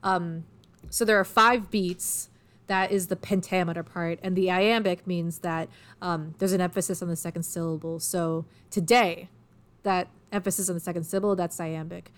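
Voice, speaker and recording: A woman's voice: fairly low pitch, steady tone, normal speed. A woman co-hosting a casual podcast about plays, talking chattily and explaining eagerly with many fillers. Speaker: podcast co-host. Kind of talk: casual chat about literature.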